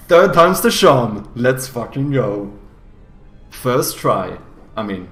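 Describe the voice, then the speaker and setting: Excitable, profane male game streamer. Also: medium pitch, slow, faint music behind. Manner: excitable, profane, laughs often. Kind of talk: casual live-stream commentary.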